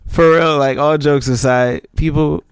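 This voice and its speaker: A man's voice: fairly high pitch, steady tone, smooth, dry recording. Joking young man on a podcast. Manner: joking, quick reactions and slang. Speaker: podcast co-host. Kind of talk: casual chat.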